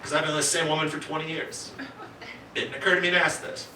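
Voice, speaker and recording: A man's voice: on the high side, little pitch movement, quick pace, pushed and bright, slight background noise. A middle-aged man doing a crude, brash stand-up comedy set on a comedy club stage. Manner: brash, crude, acts out quoted voices. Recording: roomy club sound heard from a distance, audience laughter.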